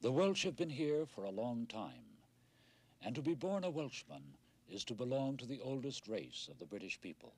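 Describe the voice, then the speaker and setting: A middle-aged man narrating a television news report in a measured, wry documentary style. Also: mid-range voice, sing-song, husky.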